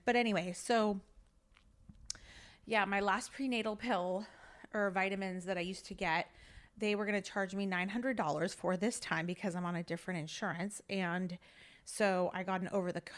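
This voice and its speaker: A pregnant woman in her thirties hosting a casual solo podcast, chatting candidly with lots of filler words and sounding a little out of breath. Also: on the low side. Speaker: podcast host.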